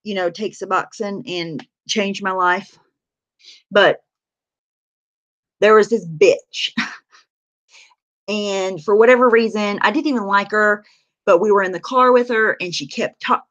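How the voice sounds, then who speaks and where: A woman's voice: medium pitch, fairly bright tone. A woman livestreaming to her chat. She talks candidly about her own life, swears freely and uses lots of fillers. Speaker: livestreamer sharing her recovery story. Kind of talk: casual livestream talk answering chat.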